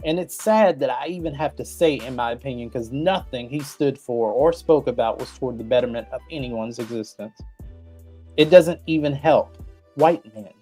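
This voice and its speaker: A man's voice: medium pitch, moderate pace, mellow, breathy edge. Guy hosting a podcast, ranting, cussing a lot, real emphatic, some faint music in there. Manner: blunt, profane, emphatic. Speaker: podcast host. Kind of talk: opinion rant.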